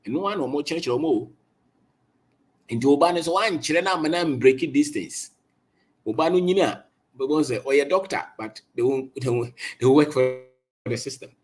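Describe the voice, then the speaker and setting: A man's voice: fairly high pitch, lively intonation, normal speed, darkish tone. A man with a Ghanaian accent giving an impassioned, preachy talk, repeating his points for emphasis. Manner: emphatic, preachy, repeats phrases, switches between English and Twi. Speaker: speaker on colonisation.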